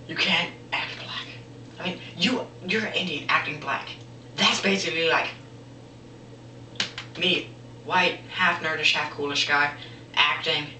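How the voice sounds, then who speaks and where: Teen boy comic, bright sharp voice, rambling, heard from across an echoey room. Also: a little high, a little hiss or hum. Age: teens. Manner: rambling, jokey, breaks into loud impressions. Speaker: comedy vlogger. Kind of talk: rambling stand-up monologue. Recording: roomy echo, distant camera mic.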